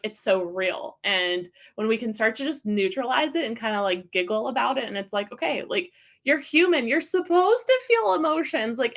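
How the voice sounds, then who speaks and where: A woman's voice: fairly high pitch, a bit bright. Chatty upbeat woman podcast host. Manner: chatty, upbeat, says "like" often. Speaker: podcast host and business coach. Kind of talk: casual motivational talk.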